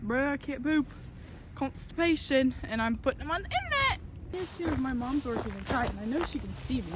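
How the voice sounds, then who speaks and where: A high-pitched woman chats her way through deep snow outside, exclamatory and self-mocking, short of breath, her voice a little rough. It is a noisy outdoor recording from a camera on a tripod, and she often wanders away from the mic. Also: big pitch swings, a little fast. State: voice a bit rough. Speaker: vlogger. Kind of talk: casual vlog narration. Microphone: camera on a tripod, sometimes from a distance. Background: outdoor ambient noise.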